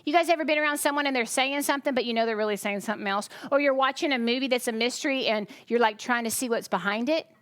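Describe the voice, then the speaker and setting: A woman's voice: on the high side, fast talker, hardly any pauses, fairly bright tone, no echo. A tired woman preaching a chatty sermon, often breaking off to ask the congregation questions. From United States. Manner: chatty, self-interrupting, asks the congregation questions. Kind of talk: conversational sermon.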